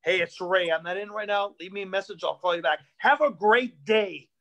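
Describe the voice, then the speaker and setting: A man's voice: high voice, normal speed, a bit bright, muffled recording, pitched below the performer's own voice. A man imitating his older father leaving stiff, clipped voicemail messages.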